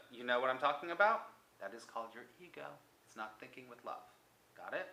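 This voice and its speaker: Bright-voiced man coaching in an echoey room. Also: mid-range voice, expressive, fairly quick. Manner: coaxing, repetitive, drops to soft near-whispers. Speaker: self-help coach. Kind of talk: motivational talk to camera.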